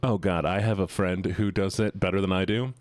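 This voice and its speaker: A man's voice: sits low, fairly even intonation, brisk, dry recording. A man streaming and chatting casually with his viewers, rambling and joking as he gets sidetracked.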